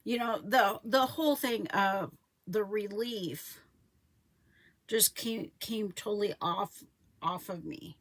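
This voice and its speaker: A woman's voice: medium pitch, takes it slowly. A woman, chatting casually on a live stream about her homestead, rambling and correcting herself as she goes. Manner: rambling, self-correcting, quotes others in lively voices. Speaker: homesteading vlogger.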